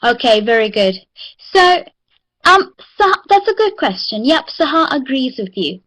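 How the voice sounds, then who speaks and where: A woman's voice: high-pitched, very animated, fairly bright tone, low-quality recording. Encouraging South African woman teacher. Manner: encouraging, drills words slowly. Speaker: English teacher. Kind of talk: online class teaching.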